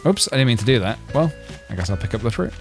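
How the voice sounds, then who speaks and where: Guy streaming a cozy game, lively up-and-down voice, chats away and reads chat, bit of music under it. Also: medium pitch, quick pace, gravelly. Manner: rambling, joking asides, reading chat. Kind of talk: casual gaming stream chat.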